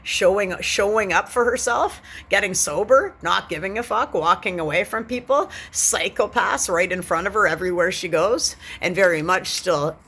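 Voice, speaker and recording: A woman's voice: fairly low pitch, pushed and bright, breathy edge. A woman in her forties ranting agitatedly into a handheld phone while sitting on a bed, swearing often and repeating herself. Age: 40s. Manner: agitated, profane, repetitive. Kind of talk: agitated vlog rant. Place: on a bed indoors.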